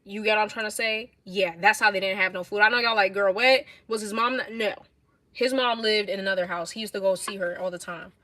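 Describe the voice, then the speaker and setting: A young woman with a New York accent, livestreaming and telling blunt, animated stories in casual chat. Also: medium pitch, a little fast, dry recording. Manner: blunt, animated, swears a lot.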